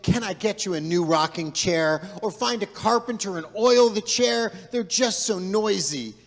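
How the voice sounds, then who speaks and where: A man voicing a weary male blacksmith who pleads for peace and quiet, slower and a bit higher than his telling voice. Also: lively intonation, heavily acted. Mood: exasperated. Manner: pleading, exasperated. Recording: long hall reverb.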